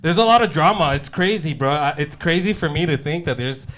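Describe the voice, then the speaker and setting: A man's voice: on the high side, lively intonation, brisk, crowd noise. A man co-hosting a casual podcast. He talks in an earnest, rambling way and often restarts his sentences. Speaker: podcast co-host.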